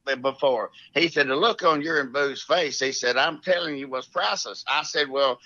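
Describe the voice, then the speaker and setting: Middle-aged Southern man, Alabama drawl, animated storyteller, forceful bright tone, dry muffled audio. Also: mid-range voice, normal speed, no room sound. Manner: rambling, animated, drawling with frequent laughs and restarts. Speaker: guest, former mini-tour golfer. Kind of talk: casual storytelling.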